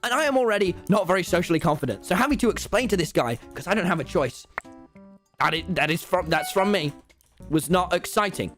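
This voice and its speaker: A man's voice: high voice, lively intonation, fairly quick, fairly bright tone, soft background music. A young British man in his late teens, a streamer telling a rambling, self-deprecating story on his livestream.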